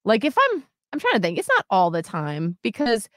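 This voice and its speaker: Young woman radio co-host, candid, halting, dry close sound. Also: mid-range voice, huge pitch swings, dry recording. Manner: candid, halting, self-reflective. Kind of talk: casual chat.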